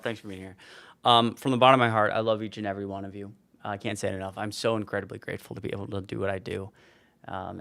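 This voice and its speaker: A man in his forties winds down a livestream, tired and rambling as he thanks his viewers one by one. His voice sits a little low with a gravelly edge, and the sound is close and dry. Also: a bit bright, no echo. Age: 40s. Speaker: streamer. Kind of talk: casual livestream sign-off.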